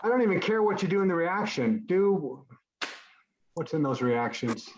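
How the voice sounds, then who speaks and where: A man's voice: fairly high pitch, very animated, moderate pace, echoey room, highs cut off, slight background noise. A man teaching a Spanish class online, encouraging students and often restarting his sentences. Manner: encouraging, repeats and restarts while explaining.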